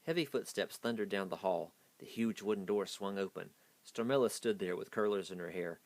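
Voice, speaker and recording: A man's voice: on the low side, fairly quick, dry recording. A man hastily reading a children's picture book aloud. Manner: hasty reading. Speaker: storyteller.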